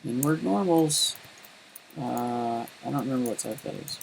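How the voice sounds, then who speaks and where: Casual male coding streamer, rambling and self-mocking, mid-pitched voice, faint noise behind. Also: a little slow, vocal fry, poor audio. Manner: rambling and self-deprecating, lots of fillers and laughs. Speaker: programmer streaming his coding. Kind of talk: casual live-stream chat while coding.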